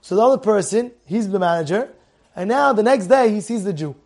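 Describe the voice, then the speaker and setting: Man, very high voice, Torah class teacher, animated storyteller, repeats phrases. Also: brisk.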